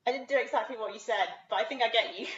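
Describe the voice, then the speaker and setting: A woman's voice: a little high, very fast, fairly bright tone, muffled recording. A young woman, a violin student, giving brief, hesitant answers with fillers over a video call. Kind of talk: answering in a masterclass.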